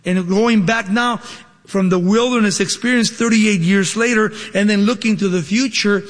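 High-voiced preacher in a reverberant hall. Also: male voice, normal speed. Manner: animated, acts out dialogue with rising pitch. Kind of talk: sermon.

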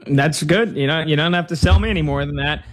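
A man's voice: a little high, fast talker, fairly bright tone, slight background noise. A man hosting a sports betting radio show, introducing his guest with breezy, jokey plugs and questions.

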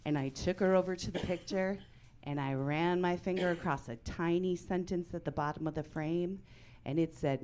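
A woman in her forties performing a stand-up comedy set in a club, brash and deadpan, acting out the people she quotes. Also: fairly low pitch, normal speed, a little hiss or hum.

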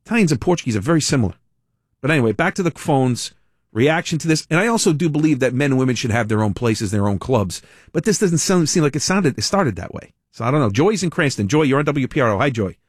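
A man hosting a talk radio show, reading news quotes aloud and adding lively asides. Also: medium pitch, quick pace, slightly rough, no echo, studio quality.

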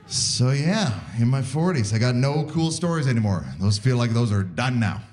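Onstage before a live theatre audience, a stand-up comic in his forties speaks in a medium-pitched, a little mellow voice with lively intonation and an unhurried pace. He's self-deprecating, voices his wife and doctors, and the live recording carries crowd noise and laughter.

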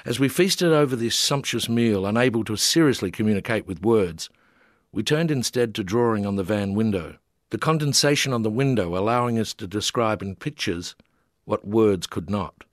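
A man's voice: lowish voice, no echo, studio quality. Older man reading his travel memoir. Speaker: memoir narrator.

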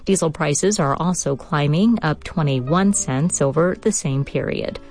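A woman reading a radio news bulletin in a brisk, formal way. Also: sits low, darkish tone, faint music behind. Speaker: newscaster.

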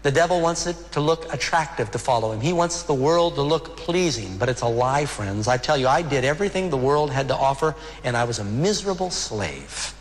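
A man preaching a sermon as a pastor, earnest and emotional, slowing down for dramatic pauses. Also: mid-range voice, animated, big-room sound, slight background noise.

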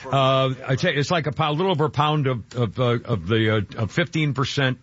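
A man's voice: mid-range voice, a little fast, fairly bright tone, lo-fi sound. A man hosting a radio show, chatting casually and rambling with lots of fillers and restarts. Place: radio studio.

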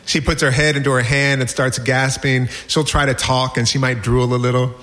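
Brief: man in his 40s, mid-pitched voice, wry memoir reading. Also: flat delivery, moderate pace, a bit bright. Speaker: narrator. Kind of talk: reading a personal essay aloud.

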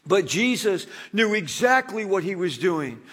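A man preaching a sermon, reading scripture aloud and breaking into animated, dramatic asides. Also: high-pitched, unhurried, husky.

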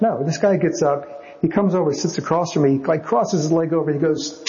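A man's voice: on the high side, steady tone, fairly quick, muffled recording, a crowd in the background. A man who writes novels, telling anecdotes in a wry, chatty way as an interview guest. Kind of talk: anecdotal storytelling.

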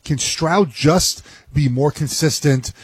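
A man's voice: a little high, takes it slowly, slightly rough, dry recording. A man who is a former pro football player, giving rambling sports analysis and often tagging on "right?". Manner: rambling, keeps asking "right?".

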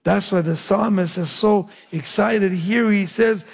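A man preaching a sermon, swinging between loud emphatic lines and low, hushed endings. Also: measured pace, creaky. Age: young adult. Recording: long hall reverb.

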